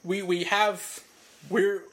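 A man with a notably high voice chats on a podcast, getting worked up and ranting with rising indignation. He talks casually, jumping between jokes and outrage. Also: slow pace. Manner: excitable, rants with rising indignation. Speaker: podcast co-host. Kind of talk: casual chat about wrestling.

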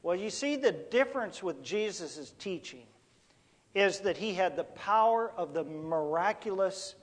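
Slow high-voiced pastor in an echoey hall. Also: male voice, lively intonation. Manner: unhurried, asks rhetorical questions, some fillers and restarts. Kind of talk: sermon teaching. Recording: long echoey hall reverb.

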